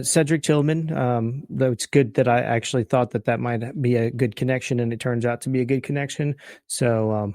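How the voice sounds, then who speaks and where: A man co-hosting a casual fantasy football podcast, speaking in a relaxed, hesitant way with many ums. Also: mid-range voice, no echo, clean studio sound. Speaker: podcast co-host.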